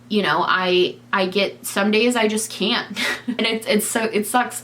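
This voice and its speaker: A woman's voice: on the low side, a bit bright, slight background noise. A young adult woman talking candidly in a casual vlog while knitting. She often stops and restarts her sentences. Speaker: vlogger. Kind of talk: casual confessional chat.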